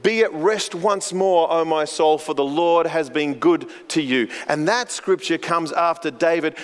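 A man preaching a sermon in an earnest, storytelling way, his voice sitting a little high for a man. He often doubles back on words mid-thought. The sound rings out with a long hall reverb. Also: unhurried. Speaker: pastor.

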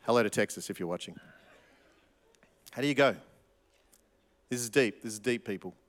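A man preaching a sermon as pastor, animated, with frequent restarts and emphatic repetition. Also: mid-range voice, moderate pace, long reverb tail.

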